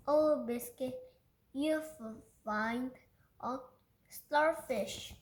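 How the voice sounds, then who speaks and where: A woman's voice: a little high, fairly even intonation, very slow, darkish tone, reverberant. A woman whose first language is Korean reads a picture book aloud carefully, stumbling and restarting on words. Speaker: reader.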